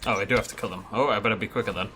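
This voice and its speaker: A man's voice: lowish voice, very fast, music in the background. A man giving playful, self-mocking let's play commentary. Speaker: gaming YouTuber.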